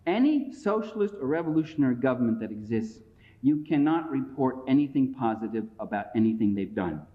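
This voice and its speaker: A man's voice: medium pitch, animated, a little fast. A middle-aged man giving a public lecture in a combative, emphatic and sarcastic way, recorded on an old tape. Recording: dull lo-fi 1980s lecture tape.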